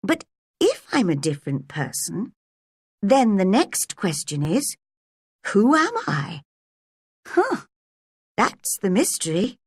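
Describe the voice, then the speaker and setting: A woman's voice: mid-range voice, huge pitch swings, slow, pauses often, husky, dry recording, heavily acted. A woman voicing a curious, fretful little girl who wonders aloud. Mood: bewildered.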